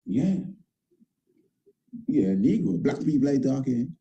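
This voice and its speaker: A man's voice: on the high side, expressive, slow, creaky, long pauses, mellow, rough recording. A man speaking as a priest in an impassioned monologue, emphatic and repetitive, with informal grammar and frequent tag questions. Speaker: priest and internet show host. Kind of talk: impassioned talk-show monologue.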